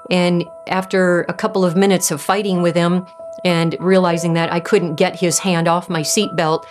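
A woman's voice: lowish voice, level tone, soft background music. Earnest woman telling her faith story. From Southern California. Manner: earnest, halting, with many restarts. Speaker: testimony speaker. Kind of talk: personal faith testimony.

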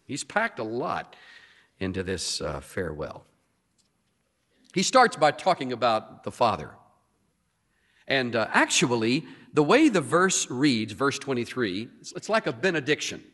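Man preaching a sermon, leans hard on key words, big echoey sanctuary sound. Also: mid-range voice. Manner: animated, stretches key words for emphasis. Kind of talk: expository sermon. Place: church sanctuary. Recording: long reverb of a hall.

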